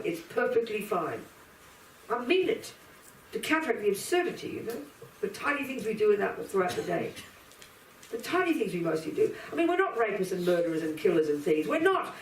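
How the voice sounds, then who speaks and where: A woman giving a Buddhist dharma teaching in an emphatic, animated way, acting out inner voices as she explains. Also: a little high, slight background noise. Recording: echoey room, speaker far from mic, faint ambience.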